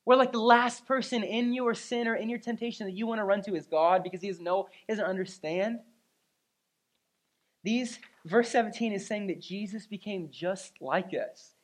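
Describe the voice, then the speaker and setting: Lively woman preaching a sermon. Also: mid-range voice, moderate pace. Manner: animated storytelling with frequent "right?" asides.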